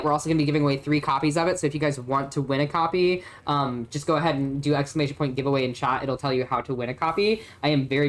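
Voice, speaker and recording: A woman with a notably low speaking voice, chatting casually as she streams a game. She rambles, giggles and breaks off mid-thought. Her tone stays loose and informal throughout. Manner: giggly, rambling, self-interrupting.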